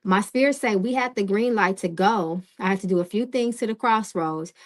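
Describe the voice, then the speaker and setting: Woman doing live tarot readings, middle pitch, chatty and direct, keeps saying okay and greeting the chat. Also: normal speed. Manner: direct and casual, often checking in with "okay?" and greeting chat viewers. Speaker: tarot reader hosting a live stream.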